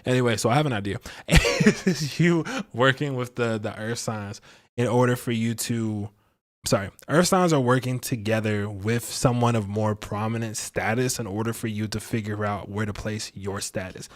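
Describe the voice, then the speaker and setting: A man hosting a livestream tarot and astrology reading in a casual, chatty way, joking at his own expense and filling pauses with "like" and "um". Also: fairly low pitch. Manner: chatty and playful, laughs at himself, many fillers.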